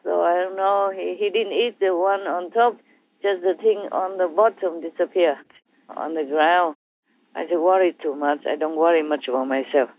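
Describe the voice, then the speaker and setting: A woman speaking as a spiritual teacher, talking gently and in a rambling way with hesitations. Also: lowish voice, moderate pace, no room sound. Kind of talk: casual talk over a phone line. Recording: tinny phone line, dry.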